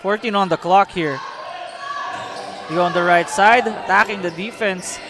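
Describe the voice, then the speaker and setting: A man's voice: high voice, moderate pace. A man with a Filipino accent calling a live basketball game play-by-play, switching between English and Filipino. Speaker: play-by-play commentator.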